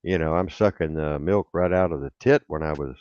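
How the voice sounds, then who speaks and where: A man hosting a casual online radio chat, excitable and rambling, bragging about the show's growth. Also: a bass voice, brisk, muffled recording. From rural farm upbringing. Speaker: host.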